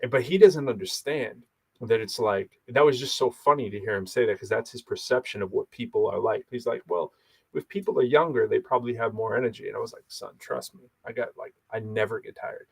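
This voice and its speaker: A man's voice: mid-range voice, quick pace, vocal fry, slightly rough. A man co-hosting a podcast, chatting casually and animatedly, telling stories with quoted voices. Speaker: podcast co-host. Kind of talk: casual chat.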